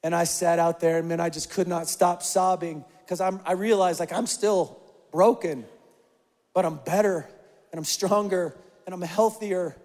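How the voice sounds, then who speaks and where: Pastor, male, high-pitched, preaching with passion in a big reverberant church hall. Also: steady tone, moderate pace. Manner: passionate, rising and pushing into loud repeated calls. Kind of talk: sermon.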